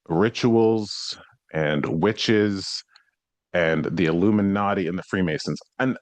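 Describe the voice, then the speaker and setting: Guy telling a story on his podcast, lowish voice, gets animated, dry close sound. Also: no room sound. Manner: conversational, animated when retelling, with restarts. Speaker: psychic medium podcast host. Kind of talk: casual storytelling monologue.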